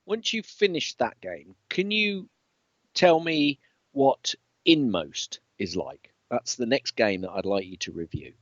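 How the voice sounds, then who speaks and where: A man's voice: mid-range voice, lively intonation, unhurried, fairly bright tone, no room sound, lo-fi sound. A man co-hosting a casual tech podcast, enthusiastic and hesitant with lots of fillers. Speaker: podcast co-host.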